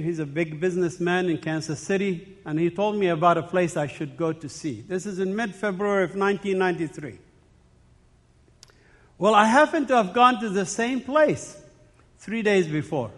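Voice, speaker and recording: A man's voice: sits high, moderate pace, fairly bright tone, big-room sound. A man giving a testimony sermon, telling his story dramatically in short, emphatic phrases. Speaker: speaker giving a personal testimony.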